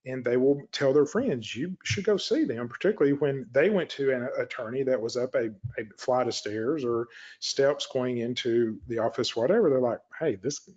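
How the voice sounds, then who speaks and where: A man's voice: mid-range voice, a little mellow, lo-fi sound. Conversational man coaching lawyers. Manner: conversational, acts out client reactions in quick asides. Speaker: elder law practice coach. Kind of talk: instructional talk to lawyers.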